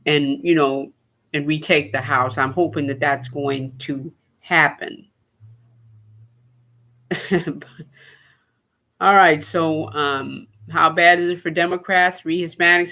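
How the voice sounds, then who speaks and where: Male podcast host, bright tone, sarcastic off-the-cuff commentary. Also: on the high side. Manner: rambling, sarcastic, laughs at his own points. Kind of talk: solo political commentary.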